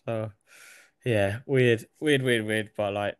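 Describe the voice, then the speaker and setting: Interviewed as a guest, a young UFC fighter from England talks in a relaxed way, cursing freely and laughing as his thoughts shift. He speaks slowly in a lowish, clear, resonant voice, with no room sound.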